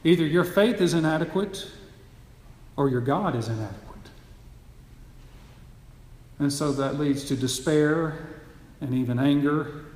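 Male pastor, slightly high voice, earnest teaching sermon, long church-hall reverb. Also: unhurried, pauses often, a little mellow. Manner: earnest teaching, building to emphatic repetition.

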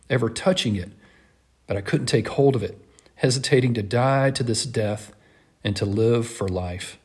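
Male reader with a slightly husky voice; earnest, impassioned dramatic reading of a classic text. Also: mid-range voice.

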